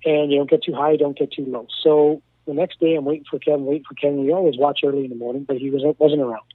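Man, former coach, animated storyteller, repeats himself, somewhat high voice, tinny phone line. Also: fast talker, dry recording. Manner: animated storyteller, repeats words, acts out quoted dialogue. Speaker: former hockey assistant coach, now broadcaster. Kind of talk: radio interview storytelling.

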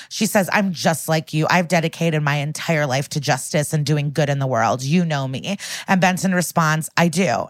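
Low-pitched and recorded with no audible room, a female podcast co-host casually walks through a TV crime episode. She acts out what the characters say in a spirited retelling peppered with fillers.

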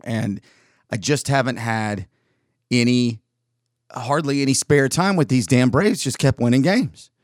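Solo podcast host, man, mid-pitched, voice a bit worn, rambling and candid, dry close sound. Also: a little slow, dry recording. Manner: rambling and candid, with frequent restarts. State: voice slightly worn from weeks of yelling. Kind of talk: solo casual podcast monologue.

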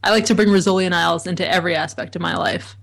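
A woman's voice: fairly low pitch, steady tone, rapid-fire, creaky, a bit bright. A woman calling in as a podcast guest, chatting casually with dry, self-mocking humor. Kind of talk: casual comedic chat. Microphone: remote call-in.

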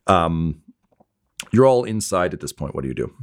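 A man's voice: low-pitched, big pitch swings, normal speed. A man narrating a tabletop game as game master, hesitant and full of filler words.

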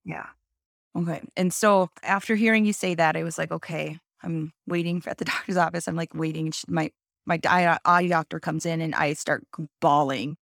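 A woman's voice: deep voice, steady tone, moderate pace, gravelly, a bit bright, no room sound, clean studio sound. A woman guest speaking openly and emotionally in an interview, telling her story with lots of quoted dialogue. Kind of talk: candid interview conversation.

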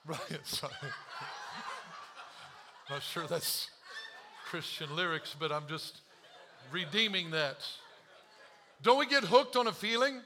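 A man preaching a sermon as pastor, joking at himself and moving from quiet confession to loud urging. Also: fairly high pitch, a little hiss or hum. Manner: animated, self-deprecating humor, swings from quiet confession to shouting; quotes scripture slowly.

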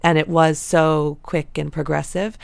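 A woman in her thirties tells her story in a chatty, casual way, full of little fillers. Her voice is low and deeply gravelly. The sound is dry and close. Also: flat delivery, measured pace, darkish tone, no echo. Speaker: guest sharing birth story. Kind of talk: casual podcast conversation.

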